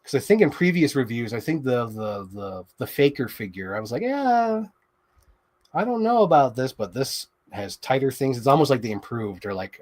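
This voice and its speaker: A man hosting a toy unboxing show in casual chat, rambling excitedly and swearing freely. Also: medium pitch, moderate pace.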